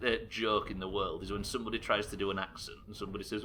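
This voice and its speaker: Welsh male streamer, lowish bright voice, animated and sweary live game commentary. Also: quick pace, few pauses, slight background noise. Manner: animated, swears casually, reacts loudly to the game. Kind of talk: live gameplay commentary chatting with viewers.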